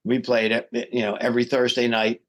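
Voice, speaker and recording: A middle-aged man, a rock singer guesting on a podcast, telling a story with lively acted-out quotes. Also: medium pitch, fairly quick. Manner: animated storyteller who acts out quoted voices. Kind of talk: casual storytelling interview.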